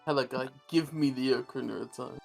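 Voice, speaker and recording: A woman putting on a gravelly evil skeleton. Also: rumbling low, steady tone, quick pace, faint music behind, pitched below the performer's own voice, heavily acted. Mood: menacing. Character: evil male skeleton, gruff and demanding. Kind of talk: joking voice on a game stream.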